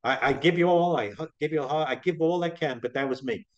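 A middle-aged man with a slightly high voice tells his story as an interview guest. He rambles and chats, often stumbling over repeated restarts, and the recording sounds dull and lo-fi. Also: fast talker. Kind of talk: casual storytelling.

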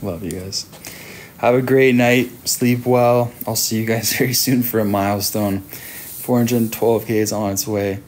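A man's voice: lowish voice, fairly even intonation, unhurried, a little mellow, a little hiss or hum. A man in his thirties with an Australian accent, chatting casually and teasing his viewers as he reads their messages on a late-night livestream. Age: 30s. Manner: playful, teasing, reads chat aloud.

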